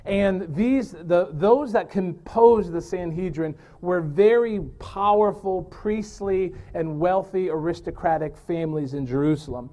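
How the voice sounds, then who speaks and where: A man's voice: sits high, a little slow, hardly any pauses, mellow. A man preaching a sermon, earnest and explanatory, now and then correcting himself mid-sentence.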